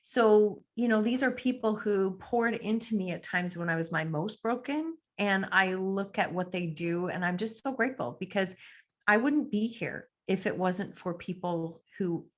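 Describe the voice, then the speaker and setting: A woman's voice: medium pitch, normal speed. A woman guest on a podcast, talking in an earnest, reflective way with frequent "like" fillers. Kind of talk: casual interview talk.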